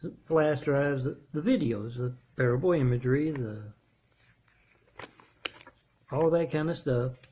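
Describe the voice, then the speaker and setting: A man telling a meandering story in a halting monologue, restarting his phrases often. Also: medium pitch, lo-fi sound, slight background noise. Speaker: self-made video preacher.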